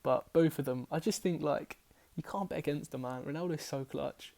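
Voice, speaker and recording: This man has a fairly high-pitched voice with vocal fry and a dark tone, speaking at a moderate pace. He casually talks over his fantasy football selections, rambling, self-correcting, and swearing casually.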